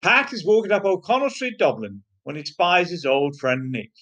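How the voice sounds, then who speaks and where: Pub-joke reader; lively voice, lots of pitch movement. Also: normal speed, dull audio. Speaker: joke teller. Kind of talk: reading pub jokes aloud.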